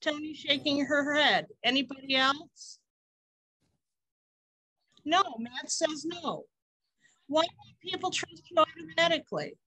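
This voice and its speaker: A woman running a conference workshop, her voice sitting a little high. She takes her time, stressing what matters and turning to the group with questions. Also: unhurried, pauses often, bright, forceful tone, no echo, low-quality recording. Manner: earnest, emphatic, asks the group questions. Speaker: workshop facilitator.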